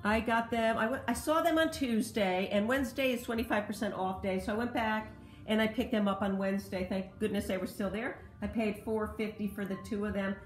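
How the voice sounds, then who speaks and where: In a casual show-and-tell vlog, a woman who resells thrift finds chats about her thrift-store pieces and explains their history in detail, with a slight cough. Her mid-range voice is steady and a little fast. The sound is reverberant, with soft background music.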